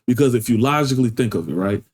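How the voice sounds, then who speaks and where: A man's voice: mid-range voice, quick pace, breathy edge. Slangy man telling a street story. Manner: slangy, animated storyteller, frequent "you feel me". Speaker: reaction channel host. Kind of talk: casual storytelling reaction.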